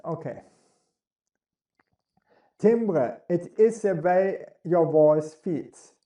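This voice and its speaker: A man giving a spoken lesson on how to use the voice, in deliberate, non-native English and demonstrating sounds as he goes. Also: a little high, warm tone. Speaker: voice and speaking coach. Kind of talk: instructional talk on speaking. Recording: roomy echo.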